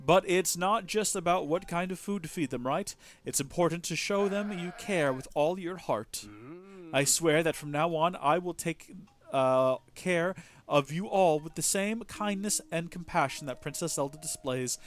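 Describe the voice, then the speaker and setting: A man's voice: a little high, moderate pace, pitched above the performer's own voice, natural voice. A man reading game dialogue aloud as an earnest, apologetic male goat keeper who frets over his animals. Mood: earnest, remorseful. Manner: emotional, fretful and heartfelt.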